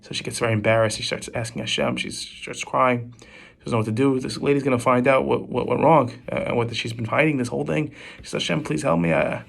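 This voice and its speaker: A man teaching as a rabbi, rattling off stories at a brisk clip. His pitch sits in an ordinary middle range. He often stumbles and restarts his phrases. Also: gravelly. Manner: quick, animated storytelling with frequent restarts. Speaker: rabbi giving a Torah class. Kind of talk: storytelling Torah talk.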